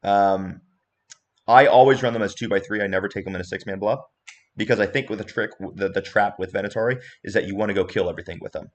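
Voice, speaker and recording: Chatty, animated male livestream host. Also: on the low side, fast. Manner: animated, chatty, laughs easily. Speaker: host and coach. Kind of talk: casual livestream chat.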